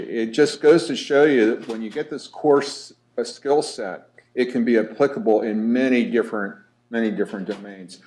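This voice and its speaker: A man introducing the next speaker at a conference, relaxed and anecdotal, pausing often with "uh". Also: mid-range voice. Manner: relaxed, anecdotal, many "uh" pauses.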